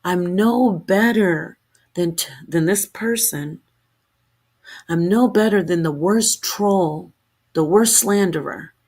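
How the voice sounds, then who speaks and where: A woman with a somewhat low voice delivers an unscripted livestream rant to her viewers. She sounds heated and defensive, rambling from point to point and restarting her sentences as she goes. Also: takes it slowly, a little mellow, slightly rough. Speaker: streamer.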